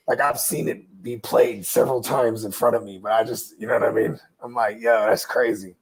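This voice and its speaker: Gravelly, husky man in casual chat. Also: medium pitch, normal speed. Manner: relaxed, backchannels a lot, slangy. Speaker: podcast co-host.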